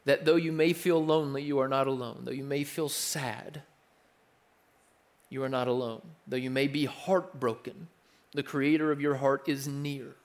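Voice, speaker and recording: A young man delivers a sermon to his congregation in an earnest, conversational way. His voice sits a little above the usual male pitch. He returns to his key phrases again and again and often restarts his sentences. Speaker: pastor.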